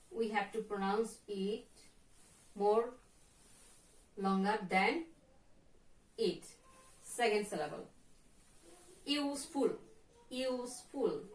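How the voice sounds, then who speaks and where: A woman teacher with a Bangladeshi accent, giving a lesson and repeating each word several times as a pronunciation drill. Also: mid-range voice. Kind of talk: slow classroom lesson. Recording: echoey room from far off.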